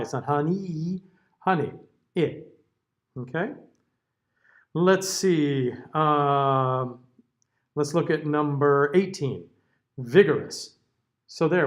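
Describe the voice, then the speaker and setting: American diction teacher, casual okays. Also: male voice, fairly high pitch. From United States. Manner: casual, checks in with frequent "okay?"; models vowel sounds aloud. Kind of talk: recorded class lecture.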